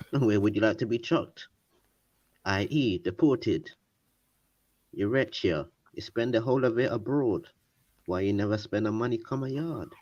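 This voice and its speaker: A man co-hosting a podcast, probing his partner with dry, needling questions. His voice sits fairly low, and the recording sounds muffled and lo-fi. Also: measured pace, pauses often, darkish tone. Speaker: podcast co-host. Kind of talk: casual chat.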